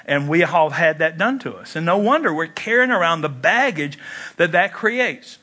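A man preaching a sermon, animated and jokey, jumping into mock voices and leaping in pitch. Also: normal speed. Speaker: pastor.

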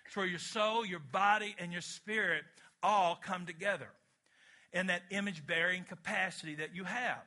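A middle-aged man preaches a sermon with a high voice and a strikingly bright, forceful tone. He drives his points with emphasis and pulls the congregation into call-and-response. His delivery stays lively throughout. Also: normal speed. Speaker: pastor.

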